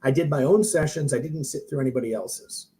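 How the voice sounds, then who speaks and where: A man's voice: mid-range voice, brisk, warm tone, slight background noise. A man who trains mortgage professionals, telling a long story in a rambling, self-interrupting way. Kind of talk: casual storytelling on a live stream.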